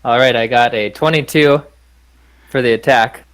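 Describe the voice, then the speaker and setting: A man declares his moves in a tabletop game in a casual, matter-of-fact way. His voice sits at a middle pitch. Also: steady tone, moderate pace, a bit bright, clean tone, low-quality recording. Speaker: player.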